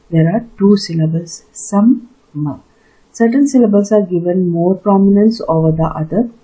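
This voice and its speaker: A woman teacher gives a recorded lecture, walking through each idea step by step with fillers and repetition. Her voice is very dark and mellow, a little low, with a husky edge. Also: rough recording. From India. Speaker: literature teacher.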